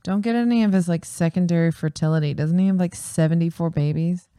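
A woman's voice: fairly low pitch, quick pace, mellow, clean tone, no echo, clean studio sound. A young woman co-hosting a casual podcast chat, teasing and playful. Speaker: podcast co-host.

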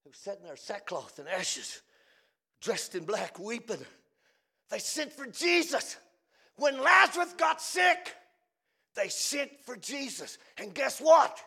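A preacher delivering a fiery revival sermon in a strikingly high, gravelly voice. His tone is bright and tense, and he swings from shouted lines down to hushed, drawn-out phrases. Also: big pitch swings.

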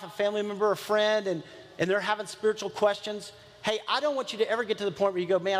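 A man's voice: sits high, fairly bright tone. A man preaching as a pastor, earnest and conversational, repeating key phrases for emphasis. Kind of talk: sermon. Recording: long reverb of a large hall.

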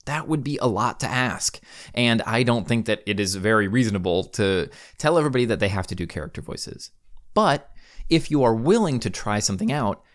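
Chatty low-voiced man hosting a podcast. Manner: earnest, chatty, many fillers and self-corrections. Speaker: podcast host. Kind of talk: casual podcast talk.

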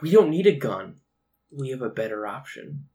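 A man's voice: mid-range voice, very animated, moderate pace, creaky, mellow. A man playing a tabletop role-playing game, talking in character in a sarcastic, swearing way. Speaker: player.

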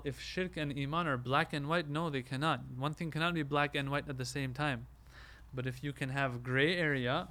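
A man delivers a religious lecture in a slightly raised voice. He explains patiently, asks questions of his listeners and answers them himself. He reads Arabic quotations quickly. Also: fairly high pitch, fairly bright tone. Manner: recites Arabic quotations rapidly.

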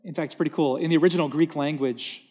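A man's voice: fairly high pitch, quick pace, darkish tone, husky. A man preaching a sermon from a church stage, earnest and emphatic, repeating words for stress. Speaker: pastor.

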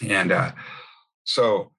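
A man's voice: low voice, fairly even intonation, extremely slow, gravelly, pushed and bright, breathy edge. A man giving a personal faith testimony in a conversational storytelling way, full of asides. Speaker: speaker sharing his testimony.

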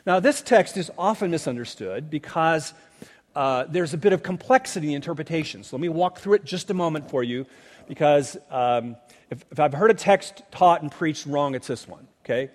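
High, animated preacher in reverberant hall. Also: male voice, moderate pace. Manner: animated teaching, explaining scripture with emphatic asides. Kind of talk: sermon. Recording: long reverb of a large hall.

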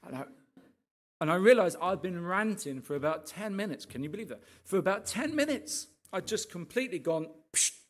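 A man, a pastor, giving a lively sermon testimony full of asides to his listeners and passionate outbursts. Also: high voice, fairly quick. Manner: animated storytelling, rising to impassioned rants with frequent asides to the audience.

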